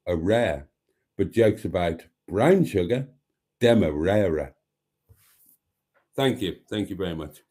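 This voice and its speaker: A man's voice: deep voice, expressive, slow, long pauses, dark tone, husky. A man hosting a casual live stream, reading out viewer comments in a chatty, wry and self-mocking way.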